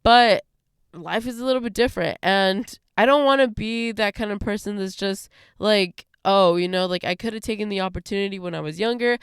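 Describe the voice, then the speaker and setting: A woman's voice: mid-range voice, a little fast, clear, resonant tone, no room sound, clean studio sound. A young adult woman hosting a solo podcast, talking casually and rambling with many fillers, her throat a little scratchy. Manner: rambling, lots of "like" and "you know". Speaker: podcast host.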